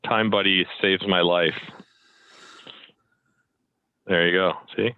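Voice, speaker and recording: A man making a live cold sales call, upbeat and persistent as he pitches. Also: fairly even intonation, slow pace, clear, resonant tone, dry recording. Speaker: sales caller. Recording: tinny phone-like audio, dry.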